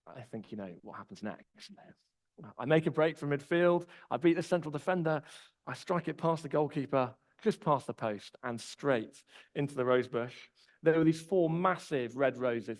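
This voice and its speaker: A man's voice: mid-range voice, normal speed, rough recording. A man, preaching a conversational sermon with personal stories. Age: 20s. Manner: relaxed storytelling, personal anecdotes.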